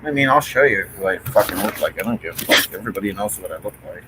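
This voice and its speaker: A middle-aged man from Newfoundland, Canada, with a Newfoundland accent, chats casually and swears freely. His voice is low-pitched and gravelly, and he talks fast and animatedly over background noise.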